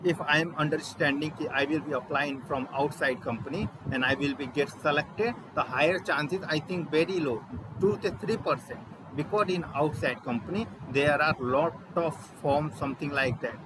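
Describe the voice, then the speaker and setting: A young man with an Indian accent, a Hindi speaker, practicing spoken English into his laptop in a halting, word-searching way. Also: fairly high pitch, noisy background. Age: young adult. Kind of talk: self-recorded practice monologue. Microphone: laptop microphone.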